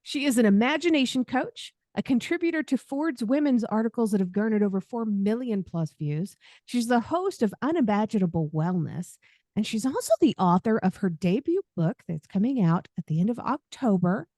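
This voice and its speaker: A woman's voice: a little high, animated, moderate pace, dark tone, no echo, clean studio sound. A woman hosting a podcast interview, friendly and giggly. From American South. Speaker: podcast host. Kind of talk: casual interview chat.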